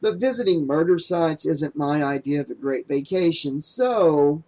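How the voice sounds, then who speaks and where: A smooth, easygoing young man in an audiobook , as a male narrator plays him. He talks in a casual, joking way. The voice sits slightly above a typical male pitch. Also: animated, measured pace, warm tone. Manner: smooth, casual and lightly raised. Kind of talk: audiobook character voice.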